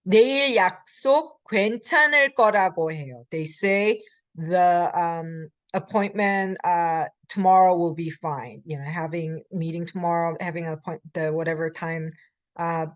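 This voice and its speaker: A woman with an American English accent giving a recorded grammar lecture as a language instructor. She reads short example sentences quickly, then explains them slowly with many fillers. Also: on the low side, no room sound.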